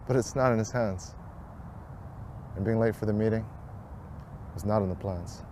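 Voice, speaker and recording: Male ad narrator, rhymed spoken word, low voice, faint outdoor noise. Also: a little mellow. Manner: measured, poetic cadence.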